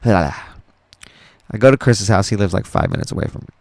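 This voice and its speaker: Gravelly low-voiced man telling a story. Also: normal speed, a little mellow, no echo. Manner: rambling, profane, with restarts. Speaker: podcast host. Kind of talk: casual storytelling monologue.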